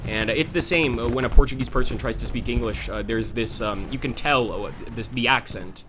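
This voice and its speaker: Young chatty American gaming host. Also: male voice, mid-range voice, fairly quick, background noise. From United States. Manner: chatty, filler-heavy, reads chat aloud. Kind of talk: casual let's-play commentary.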